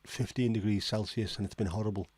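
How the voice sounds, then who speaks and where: A low-pitched man chatting casually on a livestream and reading viewers' comments aloud. He swears freely and reacts with incredulous asides. The sound is dry and close, with no room echo. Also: steady tone, fast, darkish tone, husky. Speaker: livestream host.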